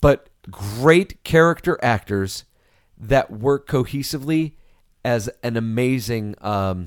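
A man's voice: mid-range voice, lively intonation, slow pace, smooth, no echo, clean studio sound. A man co-hosting a movie podcast, talking enthusiastically in a casual chat with rambling restarts. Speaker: podcast co-host.

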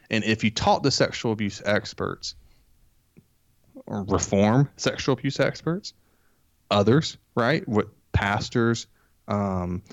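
Male podcast host, lowish voice, dry close sound, conversational and quick to laugh. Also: dry recording, dull audio. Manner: conversational, reads passages aloud and comments, laughs easily. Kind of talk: casual podcast discussion.

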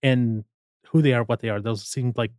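In casual conversation, a man retells a comedy scene and performs the characters' lines as an animated storyteller. His voice is medium-pitched at a normal speed, recorded cleanly in a studio with no room sound.

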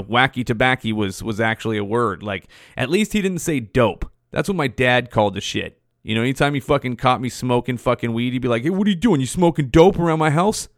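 A man's voice: mid-range voice, no room sound, studio quality. A man in his forties casually telling rambling, profane stories as a podcast host. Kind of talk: casual storytelling.

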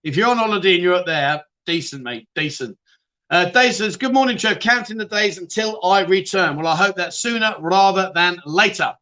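A man's voice: high-pitched, moderate pace, sharp tone. A middle-aged man hosting a casual live stream, chatting and greeting viewers by name, often laughing. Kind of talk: casual chat reading live comments.

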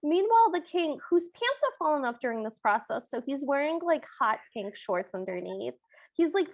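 A woman with a high, light voice chats her way through a film recap on a podcast. She keeps jumping into quick impressions of the characters as she tells the story. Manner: animated, acts out characters' lines while retelling. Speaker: podcast co-host. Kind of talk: casual chat recapping a film.

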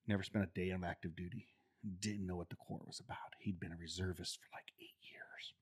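This middle-aged former Marine's husky, low voice moves a little fast as he tells casual stories. Animated and quick to laugh, he acts out the voices of the people in them.

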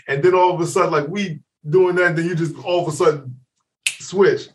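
A man co-hosting a podcast, telling a story in casual chat, laughing often and loudly acting out what people said. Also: high voice, fairly quick, recorded from a distance. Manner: animated, laughing, acts out quotes loudly. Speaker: podcast co-host.

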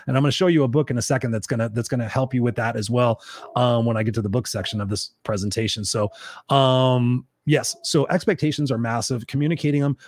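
A man's voice: mid-range voice, steady tone, fast talker, darkish tone. A middle-aged man hosting a livestream, talking earnestly and emphatically about relationships and reading out viewer comments. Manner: earnest, emphatic, quotes others in a raised voice. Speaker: livestream host. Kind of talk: motivational livestream talk.

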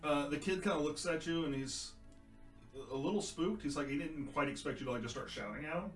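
Relaxed male game master, echoey room. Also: fairly high pitch, a little fast, soft background music. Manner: relaxed, rambling, many fillers and hedges. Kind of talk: narrating a tabletop game.

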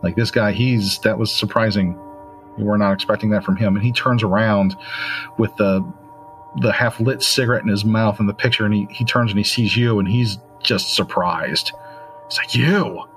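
A man narrating as game master, in a relaxed, halting way with many fillers. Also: fairly low pitch, faint music behind.

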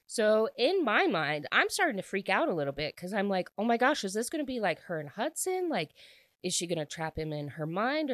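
Woman, book recap vlogger, lower voice, dry close sound, excitable and chatty. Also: dry recording. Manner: chatty, heavy use of "like" fillers; excitable and animated when reacting. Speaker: book reviewer.

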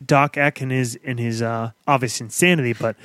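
A man's voice: medium pitch, fairly even intonation, moderate pace, fairly bright tone, dry recording. A man co-hosting a podcast, chatting casually about a TV episode with wry, dry jokes. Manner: wry, dryly joking analysis. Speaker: podcast co-host. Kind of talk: casual chat reviewing a TV episode.

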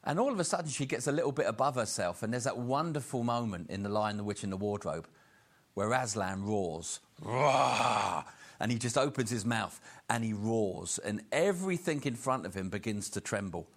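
Earnest low-voiced male preacher. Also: lively intonation. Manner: earnest, slows down for emphasis. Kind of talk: sermon.

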